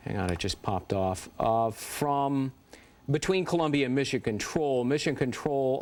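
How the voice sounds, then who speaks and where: A man's voice: medium pitch, animated, normal speed, darkish tone. A man anchoring live breaking news coverage, asking probing questions that run long with restarts.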